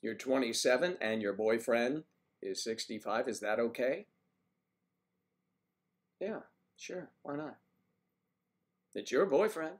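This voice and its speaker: A man's voice: medium pitch, animated, slow pace, pauses often. Older man rambling on a livestream. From US East Coast. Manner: rambling, chatty, greets viewers by name. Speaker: livestream host. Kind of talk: casual livestream chat reading viewer comments.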